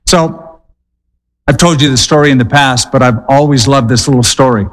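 A male pastor preaching a sermon, telling stories with dramatic pauses and quick bursts. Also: mid-range voice, in a large hall, low-quality recording.

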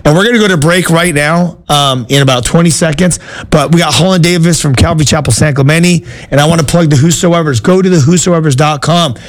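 A male talk show host telling a story in a casual, animated way, full of "dude" and "like" and quick restarts. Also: fairly high pitch. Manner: animated and excitable, lots of "dude" and "like", frequent restarts.

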